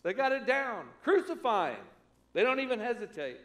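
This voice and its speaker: A man's voice: very high-pitched, sing-song, a little fast, fairly bright tone, roomy sound. A man preaching a conversational sermon as pastor, acting out the voices he quotes. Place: church sanctuary.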